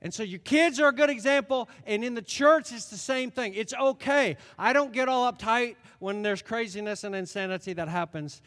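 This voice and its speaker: Middle-aged male preacher, high voice, animated storyteller, long hall reverb. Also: normal speed, hardly any pauses. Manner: animated storytelling, swings loud and soft. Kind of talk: sermon.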